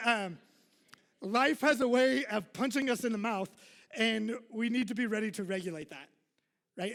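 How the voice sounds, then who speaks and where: A man's voice: high-pitched, long reverb tail. A male pastor giving a casual sermon to his congregation, chatty and self-deprecating, full of fillers and asides. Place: church hall.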